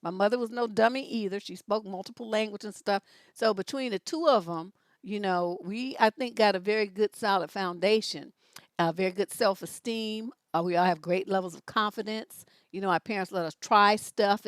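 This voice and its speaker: Sassy, lively woman telling a story. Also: dry recording. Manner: lively, sassy storyteller, big pitch jumps when quoting herself. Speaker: relationship coach and advice host. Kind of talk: casual storytelling on a livestream.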